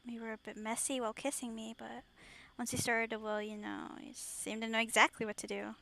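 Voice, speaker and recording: A woman reading the lines of a shy, eager young heroine from a story game aloud, soft and half-whispered. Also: a little high, level tone, a little fast, creaky. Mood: coy.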